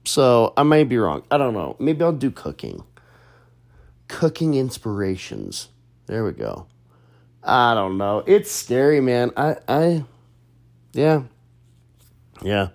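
A man's voice: medium pitch, big pitch swings, slow pace, gravelly, long pauses, darkish tone. A young adult man and content creator, talking in a casual, chatty monologue full of restarts and fillers.

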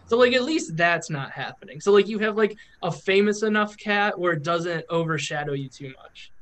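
A man with a slightly higher voice hosting a casual podcast. He rambles and circles back on himself, leaning heavily on filler words as he tells stories. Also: animated, normal speed, fairly bright tone. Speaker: podcast host.

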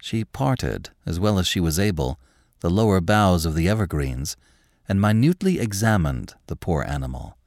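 Brief: deep-ish male storyteller, lively intonation, dry studio sound. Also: no room sound. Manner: expressive, measured storytelling. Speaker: narrator. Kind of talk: scripted narration of a classic story.

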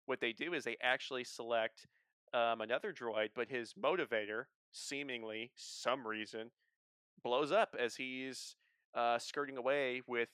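A man's voice: mid-range voice, a little slow, a bit bright, clear, resonant tone, no echo. A man from the United States in a casual, enthusiastic fan discussion, rambling through details.

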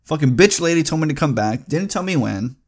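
Gravelly young man ranting profanely. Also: animated, fairly quick. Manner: profane, heated ranting that swings loud and high. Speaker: vlogger. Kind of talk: casual storytelling rant.

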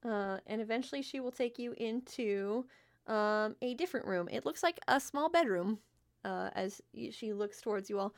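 Casual game master, woman, higher voice, plenty of ums and uhs. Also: moderate pace. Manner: casual, filler-heavy, swears. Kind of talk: narrating a tabletop game.

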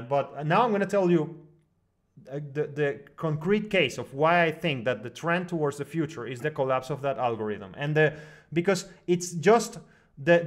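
Man, slightly higher-pitched voice, animated storyteller, run-on sentences, fillers and restarts, remote call mic. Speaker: guest on a live online broadcast. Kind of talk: long rambling personal story in casual discussion.

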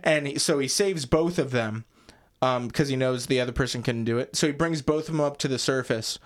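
Young man ranting, swearing, animated. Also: mid-range voice, brisk. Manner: profane, animated ranting with mocking voices. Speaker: podcast co-host. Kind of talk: casual chat.

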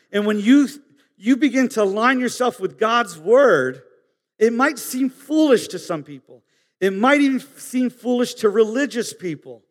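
A fairly high-voiced man delivers a sermon with earnest, halting phrasing. He climbs to emphatic peaks and drops to hushed asides. His voice rings with the long reverb of a big hall. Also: sing-song. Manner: earnest, pausing, rising to emphatic peaks and dropping low. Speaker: pastor.

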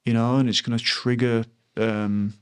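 A man in his thirties with an ordinary, middle-pitched voice, speaking as a guest on a conversational podcast. His delivery is reflective and earnest. He circles back and restarts his sentences while he searches for the right words. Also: little pitch movement, moderate pace, clear, resonant tone. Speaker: podcast guest, former rugby player.

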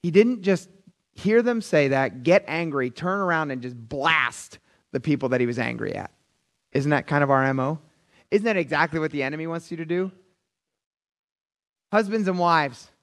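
A middle-aged man preaching a conversational, animated sermon, often calling the audience "you guys". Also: a little high. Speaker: pastor.

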